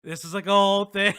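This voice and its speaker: A man's voice: high-pitched, pushed and bright, no echo, studio quality. A man hosting a commentary stream, talking sarcastically and joking about the clips he plays. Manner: sarcastic, jokes and laughs at the clips. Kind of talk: mocking commentary.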